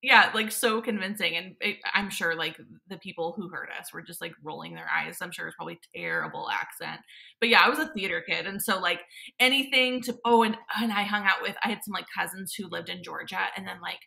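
A woman's voice: lowish voice, lively intonation, brisk, creaky, pushed and bright. A woman, a salon owner chatting casually in a goofy, rambling, giggly way. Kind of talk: casual chat.

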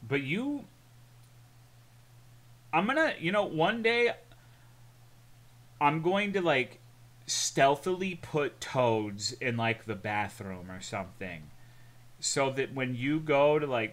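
A man's voice: mid-range voice, expressive, a little slow, long pauses, a bit bright. A man streaming, chatting casually in a rambling, jokey way and reading chat aloud.

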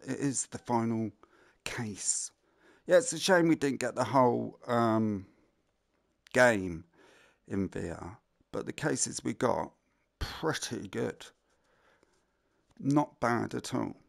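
Chatty gravelly man. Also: mid-range voice. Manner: chatty, swears casually, often mutters to himself. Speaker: gaming commentator. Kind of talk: casual gameplay commentary.

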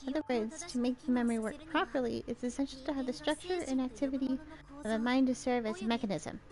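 A woman's voice: sits high, fast talker. A young woman streaming a game, reading its dialogue aloud in different voices and adding casual comments of her own. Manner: reads dialogue in several voices between casual asides.

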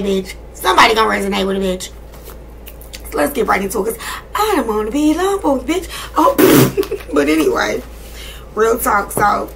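A woman's voice: mid-range voice, creaky, a bit bright, slight background noise. A woman in her thirties giving a casual tarot and spiritual reading to her viewers, talking bluntly and sassily with plenty of profanity. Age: 30s. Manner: blunt, profane, sassy and emphatic. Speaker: tarot and energy reader.

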